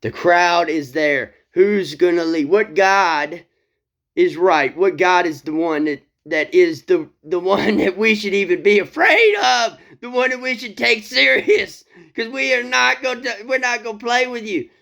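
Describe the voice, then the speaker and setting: Brief: male host, casual rambling storyteller, lively pitch, frequent laughter, lo-fi sound. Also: measured pace, creaky. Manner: rambling, laughs often, swears casually, many restarts. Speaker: video host. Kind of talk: casual retelling of a Bible story.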